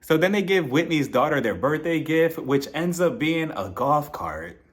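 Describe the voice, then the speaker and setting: A man's voice: a little high, expressive, moderate pace. A man recapping a reality TV episode in a sassy, gossipy chat, laughing often between remarks. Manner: sassy and gossipy, mimics the cast in quoted lines. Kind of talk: casual recap commentary.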